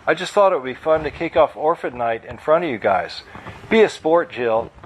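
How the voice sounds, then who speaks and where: A man's voice: on the high side, lively intonation, moderate pace, slight background noise, natural voice, low-quality recording. A man reading aloud, voicing a glib, salesy man who talks up his scheme. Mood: breezy. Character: brash man unleashing nanotech, glib. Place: live bookstore reading.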